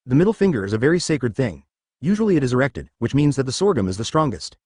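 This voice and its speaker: A man's voice: medium pitch, sing-song, fast talker, darkish tone, breathy edge, dry recording, studio quality. A man reading as a boastful, crude-joking newcomer. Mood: brash.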